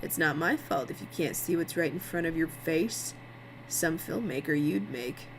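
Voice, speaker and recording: A woman's voice: deep voice, expressive, normal speed, a little hiss or hum, poor audio. A woman voicing a smug male TV producer, sarcastic and needling.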